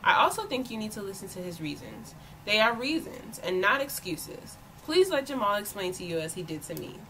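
A woman voicing a calm, caring mother who speaks gently but firmly to her young son in a read-aloud storybook. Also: mid-range voice, fairly quick, a little hiss or hum, poor audio.

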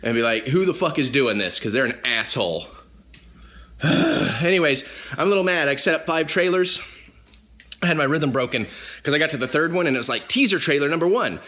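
A young man chatting casually to the camera in a weekly vlog, animated and quick to swear when annoyed. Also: on the high side. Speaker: vlogger.

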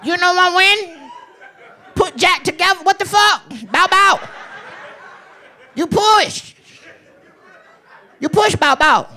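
A man's voice: very high voice, takes it slowly, pauses often, sharp tone, some chatter behind, voice pushed up, full character voice. A man putting on a giddy, squealing card dealer. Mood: excited. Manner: broken English, giddy, squealing with glee. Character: excitable chatty male casino card dealer.

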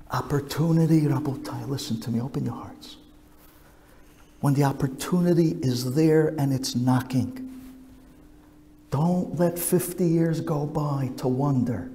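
A rabbi telling a story in an animated sermon, swinging between loud and hushed. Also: male voice, mid-range voice, unhurried, a little hiss or hum. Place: synagogue sanctuary. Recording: echoey synagogue hall.

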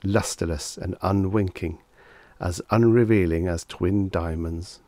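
A man narrating a vintage short story as an audiobook reader, in a steady storytelling manner. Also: deep voice, a little slow, no room sound.

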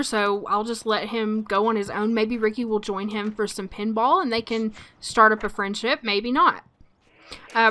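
A woman casually commenting on her life-simulation gameplay, chatty and quick to laugh. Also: on the high side, sharp tone. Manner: chatty, laughs often, frequent ums. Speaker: let's play narrator.

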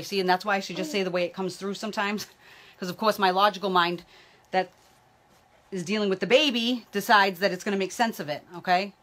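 A woman's voice: mid-range voice, fairly bright tone. A woman psychic medium giving live-streamed readings, chatting loosely and calling out viewers by name. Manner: talks while a baby tugs at her hair.

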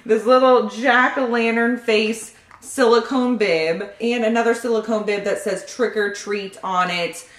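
A young pregnant woman in a casual vlog, excitedly opening baby gifts and thanking each sender. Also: a little high, measured pace, hardly any pauses. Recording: echoey room.

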